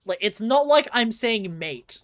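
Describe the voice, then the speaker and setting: A man's voice: high voice, lively intonation, measured pace, fairly bright tone. A man with an Australian accent giving rambling live commentary while he plays a game and talks to his chat. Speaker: gaming streamer.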